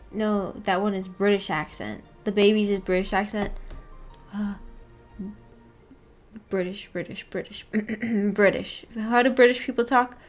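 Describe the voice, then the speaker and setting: Giggly high-voiced woman streamer. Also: fairly bright tone. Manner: rambling, giggly, reads chat aloud. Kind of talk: casual chat with live viewers. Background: faint background music.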